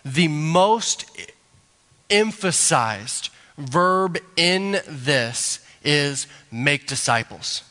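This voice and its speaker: A male pastor, preaching a sermon slowly and deliberately, building to emphatic rises. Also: fairly high pitch, expressive, sharp tone. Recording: long hall reverb.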